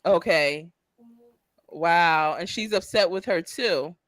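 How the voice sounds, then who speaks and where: A woman's voice: fairly low pitch, fairly bright tone, no echo. A woman hosting a true crime livestream, chatty and laughing often as she talks straight to her viewers. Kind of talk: casual livestream commentary.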